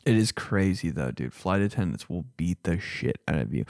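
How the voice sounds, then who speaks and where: A young man telling comic stories on his podcast, animated and profane, squeaking high to imitate a beeping alarm. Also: moderate pace, few pauses, no echo, clean studio sound. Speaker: comedian podcast host. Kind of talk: casual comedic storytelling.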